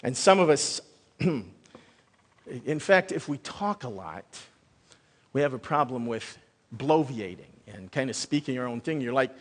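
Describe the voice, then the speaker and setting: A man's voice: medium pitch, measured pace, long pauses. A man preaching a Sunday sermon as pastor, talking in a loose, conversational way with many restarts. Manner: conversational, animated, thinks out loud with restarts. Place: church sanctuary. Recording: long reverb of a large hall.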